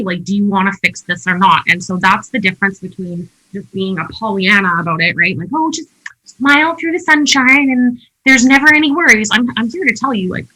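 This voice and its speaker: A woman's voice: medium pitch, bright, forceful tone, poor audio. A woman telling her personal story as a podcast guest, emphatic and candid, with frequent "like" fillers. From Canada.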